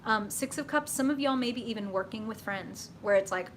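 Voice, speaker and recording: A woman hosting a live tarot reading stream, chatty and excitable, with lots of fillers and laughter. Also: on the high side, normal speed, few pauses, a little hiss or hum.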